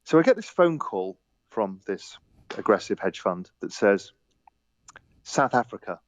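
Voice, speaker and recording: A man telling stories on a podcast as a guest, animated, laughing, quoting the people in them. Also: fairly low pitch, unhurried, no room sound, lo-fi sound. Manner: animated anecdotes with laughter and quoted dialogue. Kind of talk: casual storytelling.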